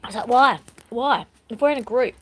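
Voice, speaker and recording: A woman's voice: fairly high pitch, normal speed, husky, rough recording. A woman talking candidly in a rambling, emotional personal vlog, filmed at home on a phone. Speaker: vlogger.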